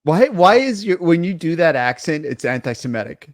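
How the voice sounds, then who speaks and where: A man with a fairly high voice co-hosting a casual podcast. He rants with animated energy and swears freely. The sound is dry and close. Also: moderate pace, dry recording. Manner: animated, swears a lot, ranting banter. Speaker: podcast co-host. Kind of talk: casual chat.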